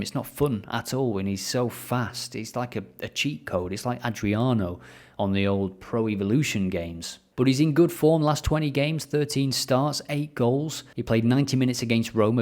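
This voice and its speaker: A man's voice: lowish voice, darkish tone. A young man casually talking through football betting picks, thinking aloud with fillers as he clicks through data. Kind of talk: casual screen-share analysis.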